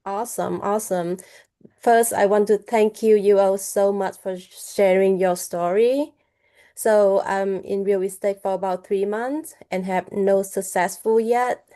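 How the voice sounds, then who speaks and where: Woman, new agent, eager, mellow voice, video call. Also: medium pitch, fairly even intonation, a little slow. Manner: polite, eager, non-native grammar. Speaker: new real estate agent.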